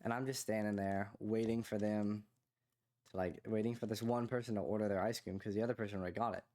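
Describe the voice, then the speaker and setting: A young man co-hosting a podcast, telling a long casual story full of fillers like "like" and "you know", rising in pitch when he quotes other people. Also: fast. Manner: rambling, filler-heavy, animated when quoting others. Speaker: podcast co-host.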